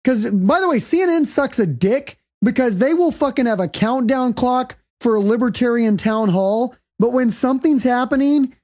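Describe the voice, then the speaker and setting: A woman's voice: fairly high pitch, moderate pace, hardly any pauses. Profane, rambling woman podcast host. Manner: loud, profane, rambling storytelling. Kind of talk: casual comedy podcast chat.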